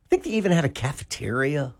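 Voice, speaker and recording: A man's voice: quick pace, dry recording, clean studio sound. A middle-aged man co-hosting morning talk radio, chatty and reminiscing. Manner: chatty, reminiscing, animated pitch swings. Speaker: radio show co-host. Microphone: studio mic.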